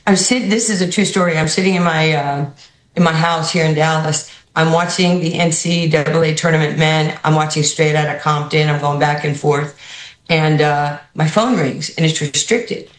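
A woman's voice: low-pitched, moderate pace, reverberant, low-quality recording. A woman with a New York accent, a basketball head coach telling stories in an interview and acting out the people in them. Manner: animated, acts out the people in her stories. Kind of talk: storytelling interview answers.

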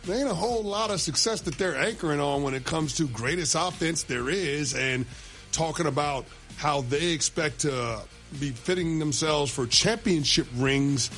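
A man's voice: fairly high pitch, normal speed, fairly bright tone, soft background music. A man co-hosting a sports talk show with a loose, drawling way of talking. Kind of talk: sports debate chat.

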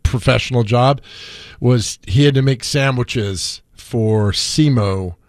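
A man's voice: medium pitch, slow pace, dry recording, studio quality. A middle-aged man hosting a sports radio show, chatting casually and telling stories with an easy laugh. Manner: laid-back, storytelling, laughs often.

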